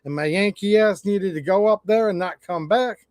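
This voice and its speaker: A man's voice: high voice, normal speed, darkish tone, no room sound, studio quality. Blunt Michigan man ranting on a livestream. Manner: blunt, swearing, storytelling with quoted exchanges. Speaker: channel host. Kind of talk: casual livestream rant.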